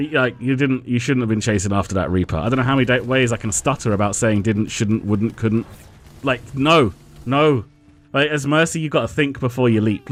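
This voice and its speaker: Dry, teasing man critiquing gameplay. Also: medium pitch. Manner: dry, teasing critic who lectures on tactics. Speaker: co-host of a gameplay critique show. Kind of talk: casual gameplay commentary.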